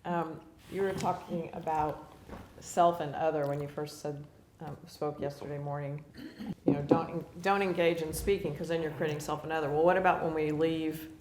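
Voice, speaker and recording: A woman's voice: low voice, steady tone, moderate pace, background noise. A woman retreat participant asking a hesitant question from the audience. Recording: echoey room from far off, with other people around.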